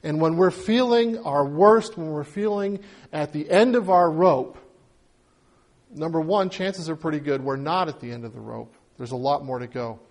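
High-voiced man preaching conversationally. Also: normal speed. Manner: conversational preaching, acts out little dialogues. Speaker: pastor. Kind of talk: sermon.

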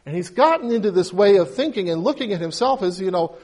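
A man's voice: high voice, expressive, fast talker, a little mellow. A male pastor preaching a conversational sermon, retelling a scripture story and acting out the quoted lines with casual asides.

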